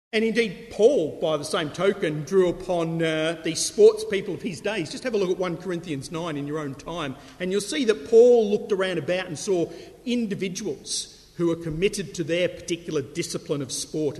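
A man's voice: high-pitched, long reverb tail. A man preaching a sermon in a conversational, digressive style with emphatic turns.

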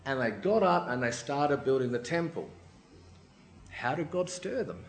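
A man's voice: mid-range voice, unhurried. A man giving a sermon with personal stories, acting out voices and often asking the room "right?". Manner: lively, acts out quoted voices, keeps asking "right?". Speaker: lay preacher. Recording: roomy hall echo.

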